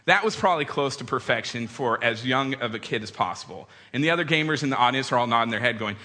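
A man in his thirties giving a humorous storytelling talk to an audience, animated and acting out quoted voices. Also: mid-range voice, fast talker, few pauses. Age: 30s. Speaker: speaker addressing an audience. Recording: long hall reverb.

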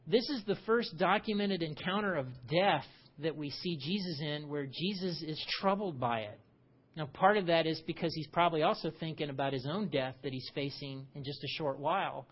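A man preaching a conversational sermon, animated and full of rhetorical questions. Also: fairly high pitch, normal speed, slightly rough, highs cut off. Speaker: pastor.

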